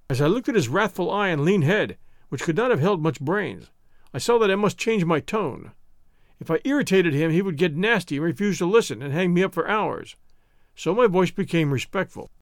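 A man narrating an adventure novel in first person as an audiobook reader, with steady clear delivery. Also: high voice, a little fast, dry recording, clean studio sound.

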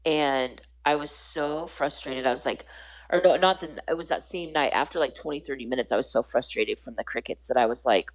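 A woman in her forties with a low, deep voice tells a personal faith story on a podcast. Her storytelling is animated, and she acts out the voices of other people as she goes. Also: fairly quick, poor audio. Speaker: guest.

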